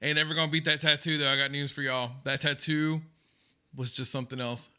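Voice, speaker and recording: A man's voice: on the high side, flat delivery, a little fast, background noise. An American man hosting a reaction video, reacting with enthusiastic exclamations and chatty asides to his viewers. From United States. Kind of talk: casual reaction commentary.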